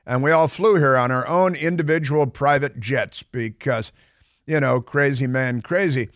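Male radio host, mid-pitched, sardonic and mocking, close dry studio sound. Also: moderate pace, a bit bright, no echo. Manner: sarcastic, mocking asides. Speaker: radio talk show host. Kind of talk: talk radio monologue. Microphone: studio microphone.

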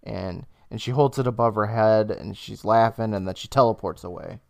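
A young man co-hosting a podcast, casually retelling an episode's plot with laughs and quick bursts of high mock voices. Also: vocal fry, no echo. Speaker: podcast co-host. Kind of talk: casual recap chat.

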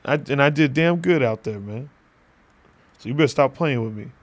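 Chill guy hosting his podcast, jokey, laughs a lot, cusses, mid-pitch voice. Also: moderate pace. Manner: loose, joking, laughs often, swears freely. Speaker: podcast host. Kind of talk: casual podcast chat.

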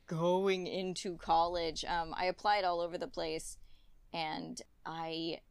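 A woman's voice: lowish voice, flat delivery, takes it slowly, gravelly, clear, resonant tone, no echo. A woman guest chatting casually in an interview, rambling with many fillers and tangents. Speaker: guest artist.

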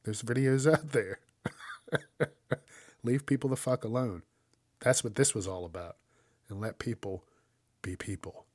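A man's voice: mid-range voice, unhurried, long pauses, darkish tone, no room sound, studio quality. A man hosting a casual news commentary show, swearing often and ranting with frequent laughs. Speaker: host.

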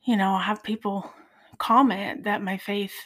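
A middle-aged woman speaking as a podcast guest in a heartfelt faith conversation, earnest and soft-spoken. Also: medium pitch, fairly even intonation, a little slow.

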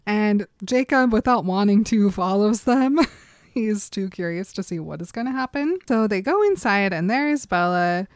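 A woman in casual conversation who retells a story with gusto and slips into playful voices for each character. Her voice sits at an ordinary middle pitch and sounds very dry and close, with no room around it. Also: expressive, normal speed, clear, resonant tone, no room sound. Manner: acts out characters' lines with playful voices and laughter. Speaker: podcast co-host.

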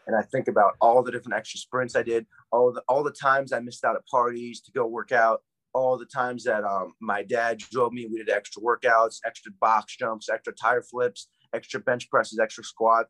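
A young man, a college wrestler, chatting fast and hyped in a casual interview, rambling with lots of fillers. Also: medium pitch, steady tone, a bit bright, no room sound, low-quality recording. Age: young adult.

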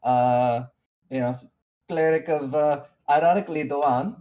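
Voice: mid-range voice, a little slow, mellow, lightly acted. A man voicing a male adventurer, formal and choppy; earnest planner type for a tabletop game. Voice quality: put-on accent, clipped broken phrasing.

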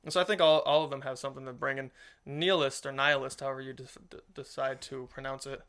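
Here a male podcast co-host talks quickly in a clear, resonant voice of medium pitch. On this laid-back Christian discussion show he meanders and gets animated, performing small quoted voices mid-thought.

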